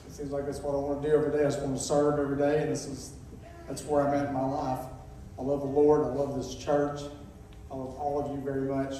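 A sixty-year-old man, giving a halting personal testimony in church, near tears and full of pauses. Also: mid-range voice, completely flat delivery, warm tone, a little hiss or hum. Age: 60s. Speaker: church member announcing a calling. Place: church sanctuary. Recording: echoey church, distant mic.

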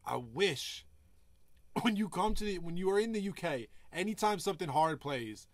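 A man producer chatting casually on a live stream, telling loose stories full of swearing and giving hyped shout-outs to viewers. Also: high voice, expressive, normal speed, dry recording. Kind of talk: casual livestream chat. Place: home music studio.

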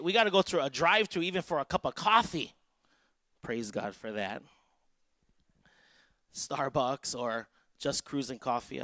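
A man delivers a sermon with a somewhat high-pitched voice. He tells stories with quoted dialogue and then builds to emphatic, raised peaks. The sound is dry, with little room echo. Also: fairly bright tone. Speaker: pastor.

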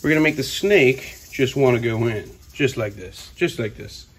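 A man hosting a casual vlog, cheerfully narrating as he feeds and cleans snakes, talking to the animals and dropping to a hush when close to them. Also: mid-range voice, moderate pace, a little hiss or hum. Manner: upbeat, talks to the animals, drops to a hush near them. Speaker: reptile keeper and show host.

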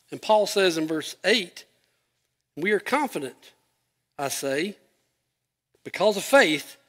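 High, bright-voiced man preaching in a hall. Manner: animated preaching, acting out Bible quotes with rising, emphatic voice. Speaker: pastor. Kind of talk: sermon.

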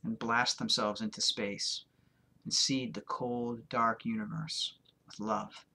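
Man, author reading fiction, deadpan, rambling, mid-pitched voice. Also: slow, creaky, slight background noise. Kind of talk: first-person literary reading.

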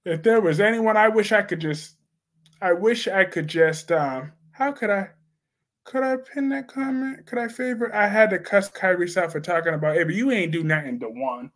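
Animated high-voiced male live-streamer. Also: normal speed. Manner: animated, laughing, slangy, reacts loudly to chat. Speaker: host of a soap opera live stream. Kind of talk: casual live-stream chat reading viewer comments.

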